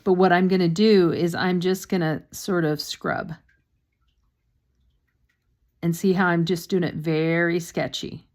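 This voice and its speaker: A woman's voice: fairly low pitch, steady tone, measured pace, pauses often, darkish tone. A woman painting instructor talks casually through a step-by-step demonstration, with chatty, self-deprecating asides and a slightly sore throat.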